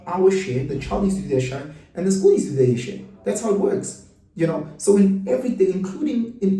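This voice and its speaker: A middle-aged South African man giving an animated, rhetorical monologue. He asks questions and repeats himself for emphasis. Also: sits high. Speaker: host. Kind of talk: casual monologue. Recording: roomy room, mic at a distance.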